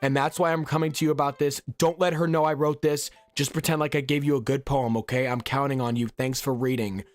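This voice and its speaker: A man reading a worried young woman's note aloud, quick and earnest. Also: medium pitch, fairly even intonation, no room sound, soft background music, close to an everyday voice.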